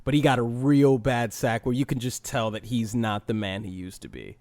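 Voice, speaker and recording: A man's voice: mid-range voice, normal speed, a little mellow, dry recording. A young man co-hosting a podcast, dry and teasing in casual banter. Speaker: podcast co-host.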